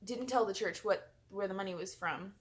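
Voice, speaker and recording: A woman's voice: medium pitch, normal speed, a little hiss or hum. Chatty young woman telling a story. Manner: chatty, many fillers. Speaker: vlogger. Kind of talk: storytime vlog.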